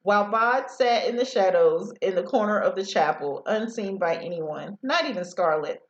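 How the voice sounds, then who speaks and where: A woman's voice: medium pitch, animated, moderate pace, echoey room, highs cut off. A woman teacher reading a novel aloud to students over a headset, sometimes stumbling over words.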